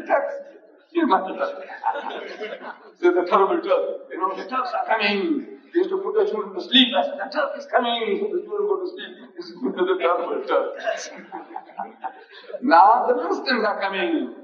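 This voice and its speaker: A man giving an emphatic, repetitive religious lecture to an audience in a large hall. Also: high-pitched. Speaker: Islamic lecturer. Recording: dull, echoey hall recording from far off.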